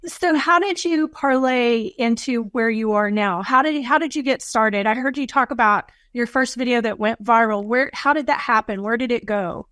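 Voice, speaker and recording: A woman with a high voice asks a guest questions on a talk show. She sounds eager and halting, starting her questions over more than once. The recording is dry and close. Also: a bit bright, dry recording. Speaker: audience member asking a question.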